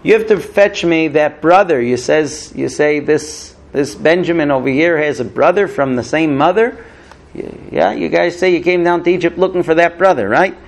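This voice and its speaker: A man's voice: on the high side, normal speed, gravelly. A man voicing Yosef, a powerful ruler bargaining with his brothers, in a casual conversational way with fillers.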